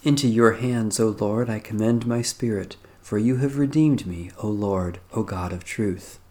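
A man reading an evening prayer service aloud in a measured, solemn liturgical manner. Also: on the low side, dark tone. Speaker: prayer leader. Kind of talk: slow recited evening prayer.

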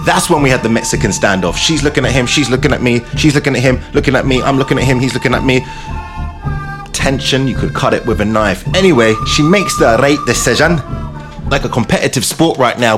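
A young English man hosting a show, telling stories and chatting in a theatrical, animated way. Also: mid-range voice, fairly quick, soft background music. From England. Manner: animated, theatrical storytelling with mimicked voices. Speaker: radio host. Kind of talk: casual chat with storytelling.

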